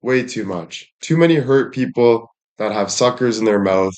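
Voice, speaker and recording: A man's voice: medium pitch, animated, normal speed, a little mellow. A young man ranting bluntly at his viewers with heavy swearing and repeated catchphrases. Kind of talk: profane rant to viewers.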